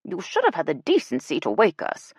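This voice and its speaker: A woman voicing a fussy, easily offended older woman with a prim, high-strung manner, in an audiobook. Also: huge pitch swings, brisk, slightly rough, dry recording, clean studio sound, full character voice. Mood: huffy.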